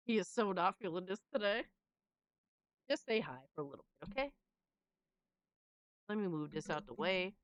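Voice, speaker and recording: A woman's voice: fairly low pitch, animated, normal speed, long pauses, dry recording. A young adult woman hosting a live stream in casual chat. She swears freely and coos at her cat.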